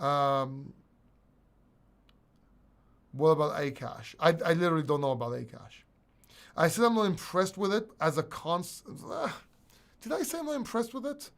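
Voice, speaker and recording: A man's voice: fairly high pitch, fairly bright tone. A man hosting a casual crypto livestream, reading and answering chat questions in a blunt, rambling way with restarts and swearing.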